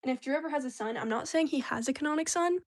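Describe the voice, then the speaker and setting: Woman vlogger with a slightly high voice, chatting casually and rambling in slang while she works on a craft. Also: racing.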